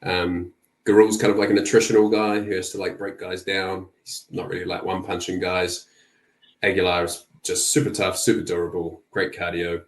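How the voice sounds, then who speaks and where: A very deep, monotone male voice breaks down fights as a podcast guest. He speaks in a relaxed way, dotted with "um" and "like." The sound bounces around an echoey room. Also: normal speed. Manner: relaxed, lots of "um" and "like". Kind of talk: casual betting podcast chat.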